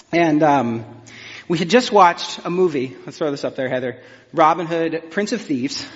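Worship pastor, man, 30s, high-ish voice, playful sermon delivery, muffled hall reverb. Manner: animated, joking, audience banter. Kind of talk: humorous sermon storytelling. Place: church sanctuary.

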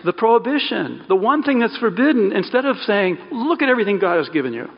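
A man with a slightly high, gravelly voice, preaching a sermon in a relaxed, conversational way, correcting himself mid-sentence and adding asides. His voice rings with long reverb, as in a church hall, and the sound is a little dull. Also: fast talker. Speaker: pastor.

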